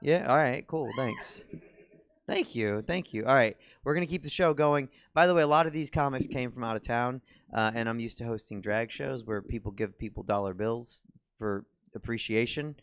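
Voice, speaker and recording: A man's voice: mid-range voice, normal speed, clear, resonant tone, no room sound. A young man hosting a comedy show in a small theater, bantering casually with the crowd. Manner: laid-back banter with the crowd. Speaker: show host.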